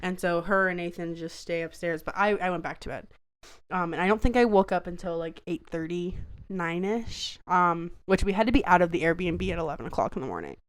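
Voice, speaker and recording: A woman's voice: fairly low pitch, fairly quick. A woman podcast co-host telling a story in casual, rambling chat, swearing freely and saying "like" often. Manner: rambling, profane, full of "like".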